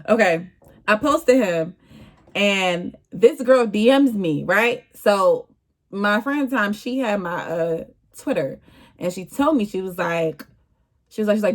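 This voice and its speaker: A woman's voice: medium pitch, slow, long pauses. A young woman vlogger telling a storytime in a casual, slangy, exasperated way.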